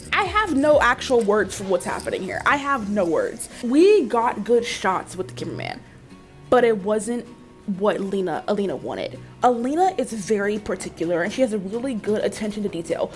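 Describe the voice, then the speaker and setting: A young woman vlogging in a chatty, animated way, turning to her viewers with playful asides. Her voice sits at an ordinary middle pitch for a woman. Soft music plays faintly underneath. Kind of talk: casual storytelling vlog.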